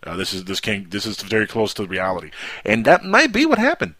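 A man's voice: on the low side, wildly swooping pitch, fairly quick, bright, forceful tone, slightly rough, no room sound. A man hosting a casual radio talk show, rambling and jokey. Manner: rambling, jokey storyteller who slips into impressions.

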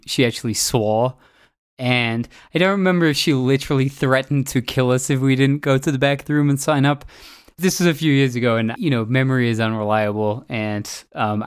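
A man's voice: medium pitch, no room sound, clean studio sound. A man hosting a podcast who tells stories in a reflective, rambling monologue full of restarts. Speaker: podcast host. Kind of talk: casual storytelling monologue.

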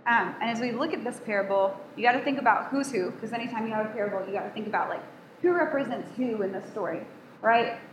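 A woman's voice: fairly high pitch, fast talker, a little hiss or hum. A woman giving a casual sermon, talking easily and asking the group questions as she teaches. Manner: chatty, asks the room questions. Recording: echoey room with faint ambience.

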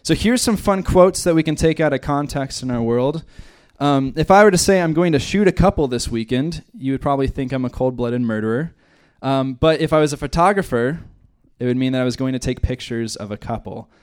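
A man's voice: medium pitch, expressive, brisk, few pauses, a little mellow, smooth. A man from the United States teaching a Bible study in a conversational way, with joking asides. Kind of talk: church teaching.

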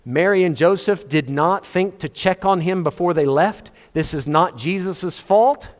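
A man preaching a sermon, telling the story with animated, acted-out scenes. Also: high voice, unhurried. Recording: long hall reverb.

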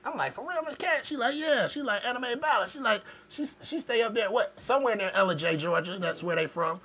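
A man hosting a podcast, telling profane, animated stories in casual chat and laughing often. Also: sits high, a little fast, slightly rough. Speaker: podcast host.

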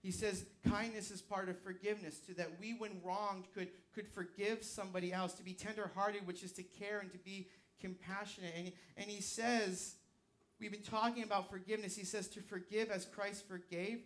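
A male pastor preaching a sermon, swinging from loud, emphatic shouts to quiet asides, with a live object lesson on stage. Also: sits high, level tone, normal speed.

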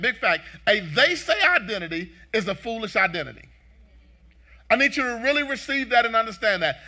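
A man's voice: high-pitched, bright, forceful tone. A male pastor preaching a sermon with fervent, repeated emphatic phrases, speaking straight to his congregation.

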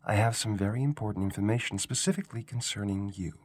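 A man voicing a mysterious woman on a headset who speaks softly, with authority but helpfully, in a storybook reading. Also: on the low side, quick pace, slightly rough, dry recording. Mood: cryptic.

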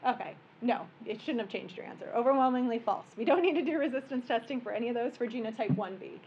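A woman, a physician giving a relaxed, joking medical workshop lecture in a conference room. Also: fairly high pitch, fast, muffled recording, a little hiss or hum. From American Midwest. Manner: conversational and joking, explaining plainly.

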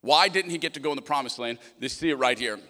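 A young man preaching a sermon as pastor, animated and acting out voices in the quotes he tells. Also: medium pitch, fast talker. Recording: long hall reverb.

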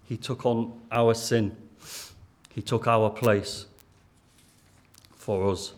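A man's voice: fairly low pitch, fairly even intonation, drawn-out words. A man with a Lancashire accent delivers a sermon. He speaks earnestly and plainly, as if chatting, and keeps turning questions back to the people listening. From Lancashire, England. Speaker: preacher.

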